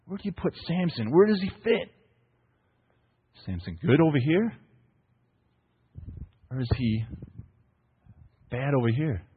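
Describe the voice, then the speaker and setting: A man's voice: on the high side, big pitch swings, unhurried, long pauses, breathy edge, big-room sound, phone-quality sound. A pastor, preaching a sermon to his congregation in a playful storytelling manner, often asking "right?". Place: church.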